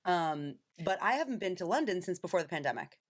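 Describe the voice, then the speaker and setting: A woman's voice: fairly low pitch, fairly quick. A woman from New York with an American accent, co-hosting a podcast in casual, giggly chat full of "like". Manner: lively, giggly, lots of "like". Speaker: podcast co-host.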